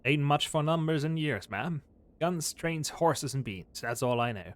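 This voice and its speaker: A man's voice: a little high, animated, unhurried. A man voicing a weary old cowboy who talks in a folksy drawl, reading game dialogue aloud. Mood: mournful.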